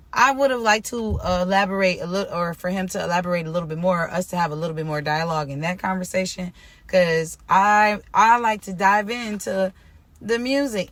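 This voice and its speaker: Woman, storytime vlogger, animated, jumps from loud outbursts to hushed near-tearful asides, mid pitch. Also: dry recording. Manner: animated, swings from loud exclamations to quiet near-tearful murmuring. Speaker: singer-songwriter. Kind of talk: storytime vlog.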